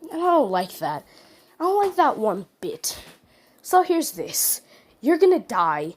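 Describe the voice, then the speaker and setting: A furious rogue ninja, male and out for revenge, growling threats through clenched teeth, as a woman puts him on. The voice sits a touch high and jumps upward when the anger spikes. A homemade storytelling recording. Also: very animated, unhurried, full character voice. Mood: menacing. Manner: threatening, teeth-gritted snarl.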